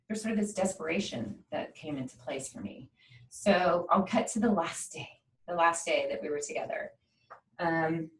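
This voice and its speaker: Woman telling a raw personal story. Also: mid-range voice. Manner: candid, emotional, keeps asking "right?". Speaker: podcast host. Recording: echoey room, mic at a distance, faint noise.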